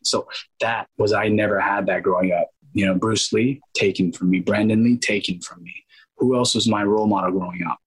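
A man talks as a guest on an interview show, spinning rambling anecdotes and slipping into the voices of the people he quotes. His voice sits on the low side with a husky, breathy texture. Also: brisk, poor audio. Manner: animated, acts out quoted dialogue; rambling with restarts and fillers. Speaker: guest actor. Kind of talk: casual interview storytelling.

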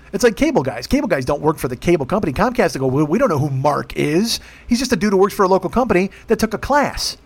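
A man telling a profane, comic story as a rant, acting out the people he quotes in put-on voices. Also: high voice. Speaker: podcast host.

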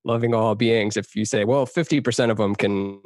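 A man's voice: fairly low pitch, fairly quick, darkish tone, no room sound. A man who is a guest on a podcast in casual interview chat, talking in a reflective, rambling way with hesitations and dry jokes.

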